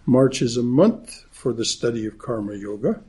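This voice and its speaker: A man leading a chapel service, giving announcements in a halting way with many pauses and fillers. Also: mid-range voice, animated, dark tone. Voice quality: gravelly and very husky. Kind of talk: sermon announcements. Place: chapel in Atlanta.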